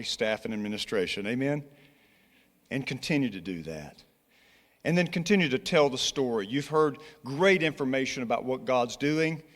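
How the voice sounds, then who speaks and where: A Scottish man addresses a congregation in an earnest, exhorting way, restarting his phrases as he tells a story. His voice has a middle pitch. It rings with long reverb through a large church hall. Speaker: college church relations director. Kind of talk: church presentation with personal story. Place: church sanctuary.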